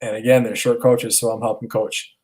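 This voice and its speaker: Rambling dad telling a story. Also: male voice, medium pitch, little pitch movement, a little fast, darkish tone. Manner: rambling, earnest, many restarts. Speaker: podcast co-host, father. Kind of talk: casual storytelling chat.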